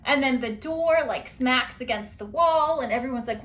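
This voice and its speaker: Chatty animated woman podcast host. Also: sits high, normal speed, few pauses. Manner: chatty and animated, frequent "like" fillers. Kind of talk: casual chat.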